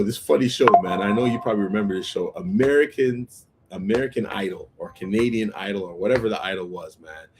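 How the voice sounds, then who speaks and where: A male radio host giving an energetic motivational talk, often asking "right?" and having listeners repeat words after him. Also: mid-range voice, slightly rough.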